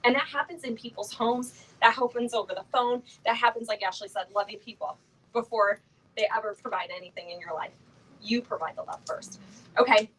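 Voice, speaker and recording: A middle-aged woman delivers a motivational talk at a sales event, playful and chatty before a live audience, scattering fillers and laughing asides. Her fairly bright, breathy-edged voice sits on the high side and runs a little fast. It's a rough recording captured from a distance.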